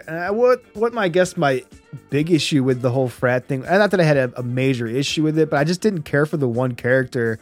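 A man co-hosting a casual podcast, ranting with animated, profane talk. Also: mid-range voice. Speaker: podcast co-host.

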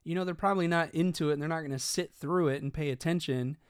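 Rambling, cursing man with a smooth voice. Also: on the high side, quick pace, no echo, clean studio sound. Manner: rambling, profane, many fillers and restarts. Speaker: commentator. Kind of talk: casual commentary.

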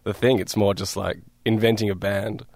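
Australian man, guest musician, low pitch, dry close studio sound, loose and rambling. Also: level tone, normal speed, vocal fry, a little mellow, no room sound. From Perth, Australia. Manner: laid-back, rambling, many fillers and laughs. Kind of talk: casual radio interview. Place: radio studio.

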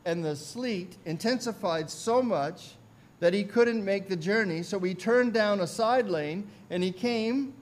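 A male pastor telling a story in a sermon, deliberate and narrative, building on repeated phrases. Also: sits high. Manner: deliberate, narrative, repetitive cadence.

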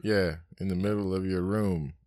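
A man's voice: low voice, steady tone, fairly quick, mellow, dry recording, studio quality. A young man co-hosting a podcast, chatting casually, swearing freely and telling stories with acted-out quotes. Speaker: podcast co-host. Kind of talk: casual chat.

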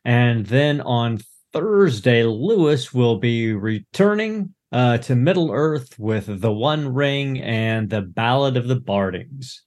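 A man, a player at the table, briskly announcing upcoming game streams. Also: medium pitch, expressive, darkish tone. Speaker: player and channel organizer.

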